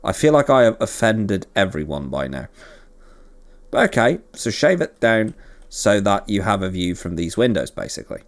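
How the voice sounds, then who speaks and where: A man's voice: on the low side, big pitch swings, moderate pace. A man hosting a game series, chatting casually and rambling with self-deprecating jokes as he plays. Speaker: let's play host. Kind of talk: casual gameplay commentary.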